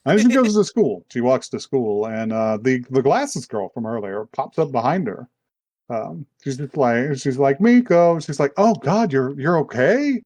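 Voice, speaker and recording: A man co-hosting a podcast, casually recapping a story with lively asides and swearing, acting out characters' lines. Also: mid-range voice, moderate pace, no echo, studio quality. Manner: animated retelling, swears, acts out characters' lines. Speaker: podcast co-host. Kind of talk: casual chat recapping a horror anime.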